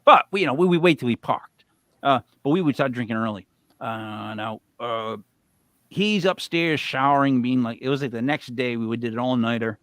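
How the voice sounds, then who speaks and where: Animated rambling middle-aged man. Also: mid-range voice, normal speed, dry recording, clean studio sound. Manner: animated, rambling, swings loud and soft. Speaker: co-host. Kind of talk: casual storytelling on a live show.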